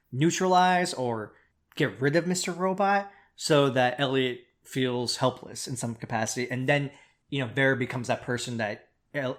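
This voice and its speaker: A podcast co-host casually speculating about where a TV show's plot will go, enthusiastic but often hedging. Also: mid-range voice. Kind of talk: casual TV discussion.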